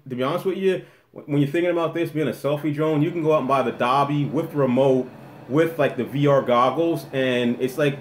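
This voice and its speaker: Rambling man in an echoey room. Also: medium pitch. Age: adult with a daughter. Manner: rambling, restarts often, reads chat aloud. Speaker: vlogger hosting a live Q&A. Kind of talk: casual live-stream chat. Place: home room.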